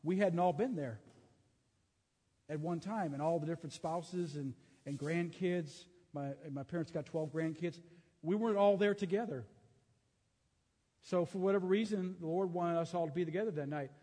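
Earnest storytelling preacher in a hall. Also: male voice, a little high, moderate pace, mellow. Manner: earnest storytelling with many restarts. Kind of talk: sermon testimony.

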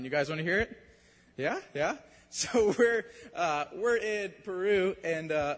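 A man preaching, telling a story in a casual, animated and self-deprecating way. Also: fairly high pitch, long reverb tail. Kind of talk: sermon storytelling.

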